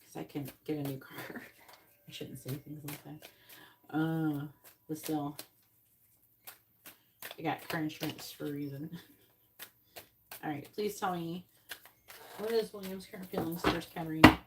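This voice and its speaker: A woman's voice: low voice, fairly even intonation, slow pace, pauses often, noisy background. A woman from Florida giving a live-stream tarot reading, chatting and thinking aloud between card pulls. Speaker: psychic reader.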